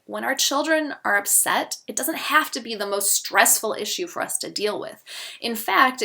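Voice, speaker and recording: A middle-aged woman, a parenting educator, giving a gentle instructional talk and acting out what a parent might say to a child. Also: a little high.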